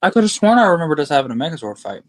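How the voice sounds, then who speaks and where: A man co-hosting a casual podcast, dropping blunt, crude one-liners in a deadpan way. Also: fairly high pitch, rapid-fire, no room sound. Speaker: podcast co-host. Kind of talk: casual banter.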